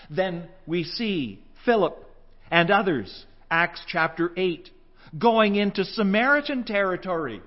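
A man delivers a sermon at an unhurried, measured pace, his voice sitting a little high. He tells the stories with animation and acts out the voices he quotes. The recording is dull and lo-fi. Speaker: preacher.

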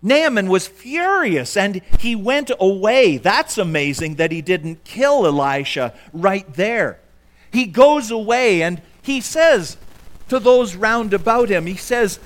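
A man's voice: high voice, lively intonation, slow pace. A man preaching a sermon, retelling a story with dramatic flair and acting out the quotes.

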